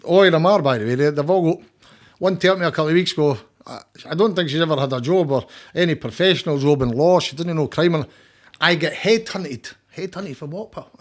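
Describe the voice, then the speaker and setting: A man's voice: a little high, quick pace. An older Scottish man talking as a podcast guest, blunt and rambling, with frequent swearing. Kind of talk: casual conversation.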